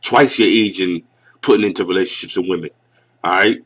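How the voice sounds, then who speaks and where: A man's voice: low-pitched, a little fast, fairly bright tone. A man in his forties with a Northeastern US accent, ranting bluntly and mockingly as a YouTube commentator reacting to a clip. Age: 40s. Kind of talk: reaction rant.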